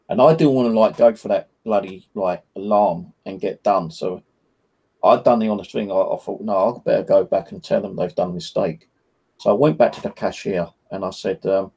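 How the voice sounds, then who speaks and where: A man's voice: fairly low pitch, moderate pace, gravelly, dark tone, husky. A man with an English accent telling a rambling anecdote in casual chat on a live stream, full of "you know" and "like". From England.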